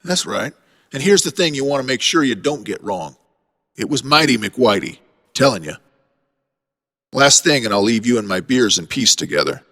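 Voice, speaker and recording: A man voicing a rough, defensive father who talks back sharply. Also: mid-range voice, big pitch swings, normal speed, long pauses, fairly bright tone, long reverb tail. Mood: sardonic.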